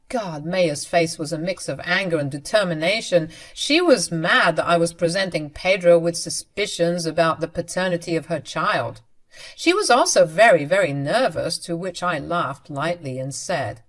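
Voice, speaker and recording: A woman's voice: fairly low pitch, expressive, moderate pace. A woman narrating a first-person drama story, confident and mocking in tone.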